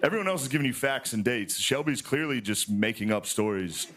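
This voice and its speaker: A man doing a stand-up monologue on a television studio stage, animated and jumping up in pitch to mock things. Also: brisk. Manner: animated, jumps up in pitch when mocking. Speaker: stand-up comedian.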